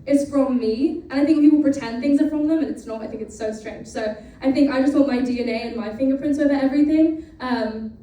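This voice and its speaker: A woman's voice: sits high, fast, hardly any pauses, warm tone. A teenage girl chatting with fans at a meet and greet, giggly and gushing with lots of fillers. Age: teens. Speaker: singer at a fan meet and greet. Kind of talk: casual chat. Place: large indoor venue with a crowd. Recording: echoey hall, from far off, noisy crowd.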